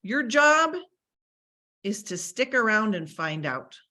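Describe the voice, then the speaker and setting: A woman's voice: medium pitch, big pitch swings, slow pace, pushed and bright. A middle-aged woman giving a motivational talk on a video call, speaking emphatically and repeating her key phrases.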